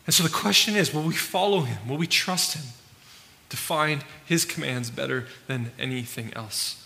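Bright-voiced preacher in a reverberant hall. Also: male voice, a little high, moderate pace, creaky. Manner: casual, conversational preaching with frequent restarts and fillers. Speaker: pastor. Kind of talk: sermon.

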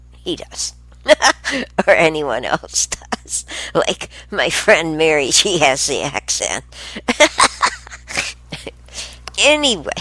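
A woman's voice: sits low, a bit bright. A woman hosting a show, telling a rambling everyday story in a chatty, casual way. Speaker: show host. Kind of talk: casual monologue.

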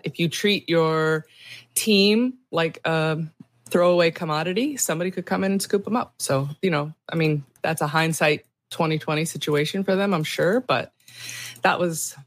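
Low-voiced woman giving frank advice. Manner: frank, practical, speaks as a business owner. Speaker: podcast panelist. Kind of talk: casual panel discussion.

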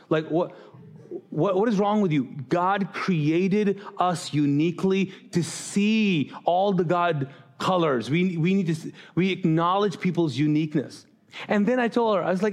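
This pastor, raised in a Muslim household, preaches from the church stage in a high, animated voice at a moderate pace. Talking right to the congregation, he keeps restarting his sentences and imitates the voices of people he cites.

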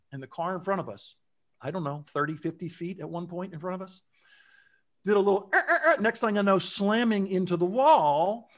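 A man with a notably high voice recounts a story in a relaxed, conversational way. He springs into little acted-out quotes, and his voice leaps up and down as he does. The delivery is lively and expressive throughout. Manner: animated, acts out quotes with big pitch jumps. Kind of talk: casual storytelling.

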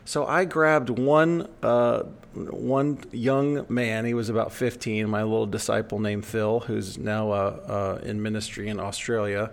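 A man's voice: fairly low pitch, a little slow, vocal fry, hardly any pauses. A man from the United States telling a long personal story in casual conversation, often restarting sentences and acting out what others said. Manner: rambling, self-correcting, animated when quoting others.

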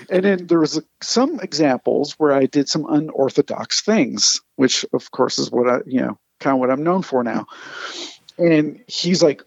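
A man, a comic artist, telling animated anecdotes in casual conversation and acting out the people he quotes. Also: fairly high pitch, moderate pace, creaky, husky, no room sound, highs cut off. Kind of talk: casual storytelling.

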